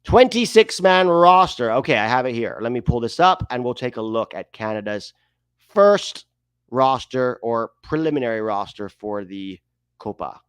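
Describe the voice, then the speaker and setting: A man's voice: medium pitch, normal speed, smooth, dry recording, studio quality. A man hosting a casual soccer commentary video, chatty, thinking aloud and humming while he searches. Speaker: host.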